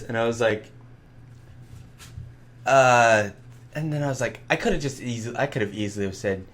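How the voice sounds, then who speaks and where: A man's voice: mid-range voice, fairly quick, pauses often, fairly bright tone. A young man co-hosting a casual podcast, meandering through an anecdote, laughing and swearing often. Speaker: podcast co-host. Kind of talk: casual chat.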